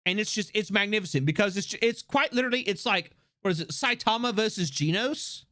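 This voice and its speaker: On a casual livestream, a streamer rambles excitably, laughing a lot and leaning on fillers and restarts. The voice is medium-pitched and fairly quick.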